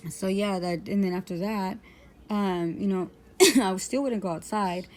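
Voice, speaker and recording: A woman's voice: mid-range voice, steady tone, unhurried, dark tone. A woman telling a personal story in a rambling, indignant way, full of fillers and restarts. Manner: aggrieved, indignant. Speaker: vlogger.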